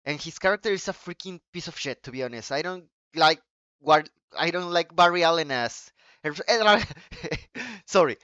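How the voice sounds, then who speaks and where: Man, native Spanish speaker, live-stream chat, excitable ranting, swearing, fairly high smooth voice, dry muffled mic. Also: normal speed, no room sound. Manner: excitable, profane ranting with restarts.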